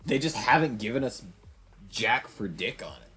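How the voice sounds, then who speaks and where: A man's voice: mid-range voice, very animated, normal speed, a bit bright, slightly rough, soft background music. A young man streaming a game, giving a rambling, emphatic commentary with frequent restarts. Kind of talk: casual gameplay commentary.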